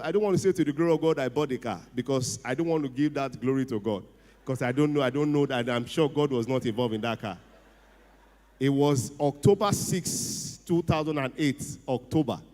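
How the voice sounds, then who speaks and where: Nigerian man telling stories in a reverberant hall. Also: mid-range voice. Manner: animated, switches to a hushed voice for quoted lines, laughs often. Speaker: speaker at a ceremony. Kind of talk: humorous storytelling speech. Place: event hall.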